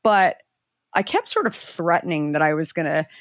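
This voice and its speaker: Speaking at normal speed in studio-quality audio with no room sound, this middle-aged woman is a guest entrepreneur recounting a story casually. She gets animated, jumping in pitch to act out the voices of those she quotes.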